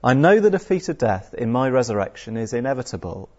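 A man from Britain preaches a sermon in a conversational, animated way. He talks in a middle register, stumbles over fillers and breaks into playful taunts. The recording sounds a little dull and muffled. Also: medium pitch, fast. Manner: lively, conversational, many fillers, mock-taunting asides.

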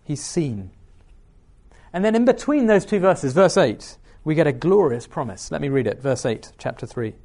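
A man's voice: fairly high pitch, expressive, normal speed, warm tone. A man preaching a sermon, reading scripture aloud and asking the listeners questions.

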